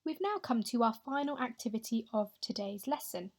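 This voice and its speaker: A young woman teaching a recorded Spanish lesson over slides, speaking clearly and patiently and modelling pronunciation slowly for her pupils to repeat. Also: fairly high pitch, darkish tone. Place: home or classroom, voice-over on slides.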